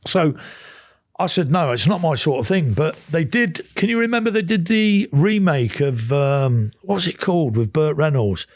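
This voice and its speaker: A man's voice: a little high, big pitch swings, moderate pace. An English man, a podcast guest, telling long rambling anecdotes in a casual interview, full of quoted exchanges and restarts.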